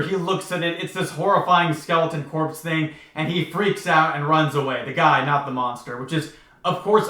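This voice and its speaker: Chatty young guy doing book commentary, says like a lot, wry, slightly high voice, echoey room. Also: fairly bright tone. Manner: chatty, heavy use of 'like', wry. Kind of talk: casual commentary.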